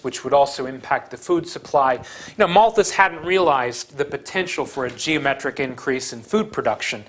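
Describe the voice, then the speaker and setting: A man giving a university lecture in a conversational way, with frequent fillers, restarts and animated emphasis. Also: a little high. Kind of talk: classroom lecture.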